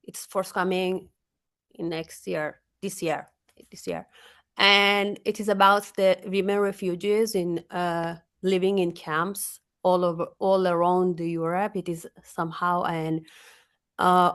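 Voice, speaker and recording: A woman's voice: on the low side, steady tone. A woman poet from Iran with a heavy Persian accent, speaking hesitantly and then reading her poem aloud over a video call. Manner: hesitant, halting with many fillers. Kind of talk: poetry reading.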